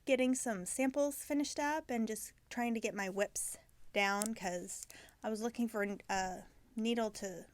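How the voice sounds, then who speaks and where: Woman host, a little high-pitched, casual and chatty, self-correcting, knitting show-and-tell. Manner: chatty, self-correcting, drops into soft asides.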